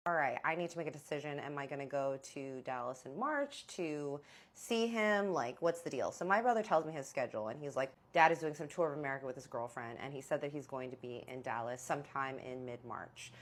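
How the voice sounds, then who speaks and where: Low-voiced woman telling a story to camera. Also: a little fast. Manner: animated, exasperated, quotes people in dialogue. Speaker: vlogger.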